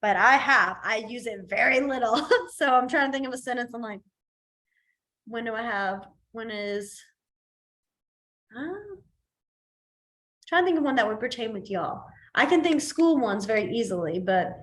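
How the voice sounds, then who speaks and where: Young woman, class teacher; chatty, laughs easily, slightly high voice. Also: expressive, moderate pace, pauses often, a bit bright. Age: young adult. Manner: chatty, laughs often, many fillers. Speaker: sign language teacher.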